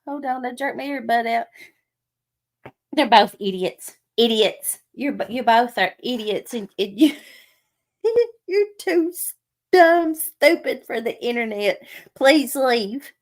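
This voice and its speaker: A woman's voice: on the high side, lively intonation, takes it slowly. A woman streamer reacting to clips in casual commentary, blunt and mocking, often laughing.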